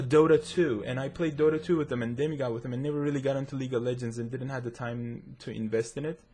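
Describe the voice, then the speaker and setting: With a darkish tone in a mid-range register, a man who reviews gaming tech plays and tests a game while chatting aimlessly with viewers. He notes his own non-native accent during this casual commentary.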